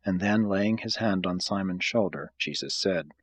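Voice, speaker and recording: Low-voiced, husky male reader. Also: no echo, dull audio. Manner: steady, measured reading. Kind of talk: reading aloud from a book.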